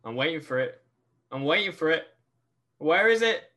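A man's voice: a little high, animated, normal speed, bright, forceful tone. A young man co-hosting a podcast, teasing and swearing casually. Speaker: podcast co-host. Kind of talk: casual chat.

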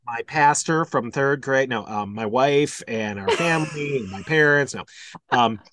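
A man from Wisconsin chats as a guest on a podcast, animated and joking, often slipping into silly voices. His voice sits at a middling pitch. The sound is dry and close. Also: unhurried, dry recording. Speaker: radio show host, podcast guest. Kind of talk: casual podcast chat.

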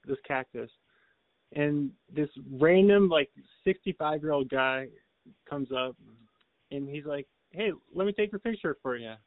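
Guy rambling thru a story on a podcast, lots of likes and restarts, kinda high voice, tinny dry sound like a phone. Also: no room sound. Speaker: podcast co-host. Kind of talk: casual chat.

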